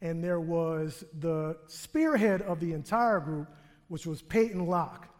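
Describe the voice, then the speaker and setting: A man's voice: fairly high pitch, expressive, slow pace, a little mellow. A man telling a humorous, self-mocking story live on a theater stage to an audience. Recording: long theater hall reverb.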